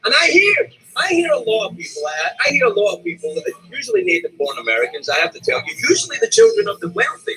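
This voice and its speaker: A middle-aged Scottish man delivers stand-up comedy at a dinner, his pitch swinging wildly up and down. His fairly high, bright voice keeps breaking into sudden shouted outbursts. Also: wildly swooping pitch, fast, hardly any pauses, breathy edge, low-quality recording. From Scotland.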